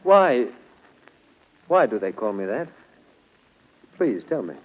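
An actor playing a fussy, stammering schoolteacher. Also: male voice, medium pitch, big pitch swings, takes it slowly, narrow, tinny audio. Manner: prim and hesitant, stammers. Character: fussy, timid middle-aged male schoolteacher. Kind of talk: 1940s radio acting.

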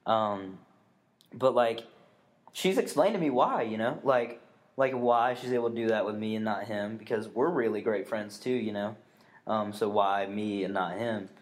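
In a lowish voice at a moderate pace, a young podcast co-host spins a casual, rambling tale. Swear words, fillers and restarts crop up constantly.

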